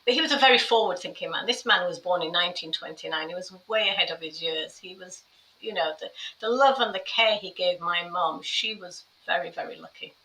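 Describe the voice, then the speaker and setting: A middle-aged woman, a carer, telling her life story in an interview, animated and quick when she describes a scene. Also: on the low side, recorded from a distance. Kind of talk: personal storytelling in conversation. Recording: roomy echo, voice a bit off-mic.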